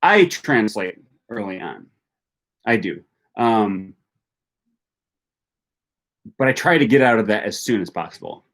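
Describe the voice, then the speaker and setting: A young man hosting a language-learning live stream, reading out viewer questions and answering them in a relaxed, chatty way with plenty of ums and restarts. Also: fairly low pitch, measured pace, long pauses. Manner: reads viewer questions aloud and answers chattily, many fillers.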